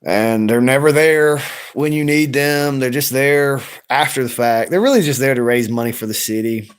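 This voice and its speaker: On a late-night livestream from home, a man rambles and rants bluntly, swearing heavily. His voice is mid-range and smooth, at a normal speed.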